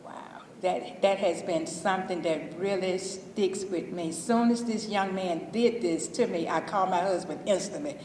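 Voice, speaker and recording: Her voice is fairly low and darkish this time, moving at a moderate pace with few pauses. The Alabama woman recounts her school custodian work in warm, informal stories for an interview, recorded far from the mic in an echoey hall with faint noise.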